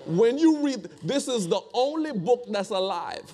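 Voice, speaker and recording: A man's voice: high-pitched, big pitch swings, unhurried, warm tone. A man preaching a conversational sermon, repeating phrases and asking the congregation rhetorical questions.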